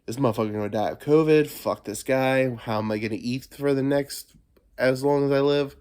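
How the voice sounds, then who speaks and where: Man as grumpy female cat, swearing, fast, scornful. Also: mid-range voice, a little mellow, smooth, natural voice. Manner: profane, fast, contemptuous.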